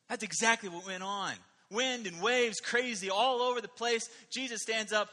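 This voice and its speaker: Bright, forceful preacher in a reverberant hall. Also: male voice, sits high, normal speed. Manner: animated, emphatic preaching with rhetorical questions. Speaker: pastor. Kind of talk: sermon.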